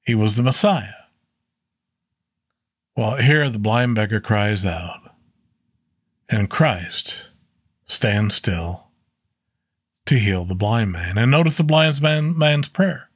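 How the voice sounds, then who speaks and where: A man's voice: fairly low pitch, takes it slowly, pauses often, slightly rough, no room sound, clean studio sound. A man teaching a Bible chapter in a casual, earnest way, stopping to correct himself and using fillers. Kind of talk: casual Bible study talk.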